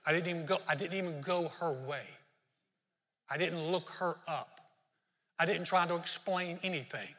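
A male pastor preaching with fervor, calling out to his listeners. His voice is bright and a little husky, and it rings with a long reverb through a big hall. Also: on the high side, moderate pace. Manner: fervent, talks straight to the congregation. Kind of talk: sermon.

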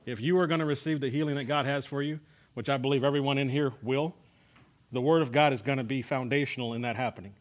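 A man's voice: medium pitch, steady tone, fast. A man preaching to a class, telling personal stories and asking rhetorical questions in a conversational way. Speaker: pastor teaching a healing class. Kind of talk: sermon.

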